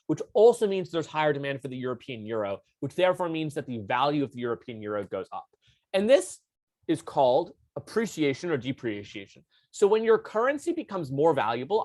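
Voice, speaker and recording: Lively, filler-heavy male debate coach. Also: on the high side, dry recording. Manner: filler-heavy and informal, with slangy asides. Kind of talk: casual lecture to students.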